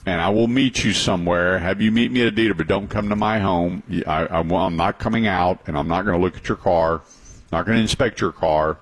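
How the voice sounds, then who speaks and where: A man's voice: low voice, brisk. A man hosting a radio talk show about cars, chatty and emphatic, telling stories with repeated points. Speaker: radio show host, car advisor.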